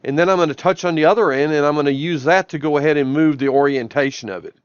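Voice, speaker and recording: A man's voice: fairly high pitch, fast talker, smooth, no room sound, highs cut off. A man training viewers on a shop tablet app in a live stream, talking through each action step by step from his office. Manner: step-by-step, repeats "I'm gonna" before each action. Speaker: software trainer. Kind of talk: live-stream product demo.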